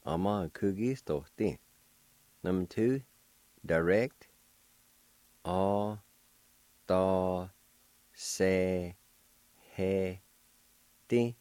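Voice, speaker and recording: A man's voice: low voice, extremely slow, long pauses, a little mellow, clear, resonant tone, dry recording. A man teaching words on the radio, spelling them out patiently letter by letter. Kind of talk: slow spelled-out language lesson.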